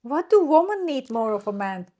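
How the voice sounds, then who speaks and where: A woman with a slightly high voice co-hosts a relaxed chat. She puts the questions plainly and mostly answers with short reactions and laughs. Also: moderate pace. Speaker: co-host asking the questions. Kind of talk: casual chat.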